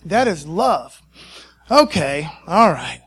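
A man preaching a sermon, excited and conversational, often calling out to the congregation for a response. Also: on the high side, slow pace, slightly rough.

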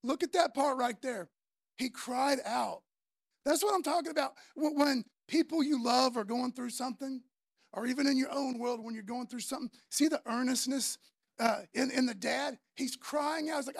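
High-voiced man preaching earnestly. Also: normal speed, gravelly, dry recording, clean studio sound. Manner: casual, earnest preaching with slang fillers. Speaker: pastor. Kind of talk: sermon.

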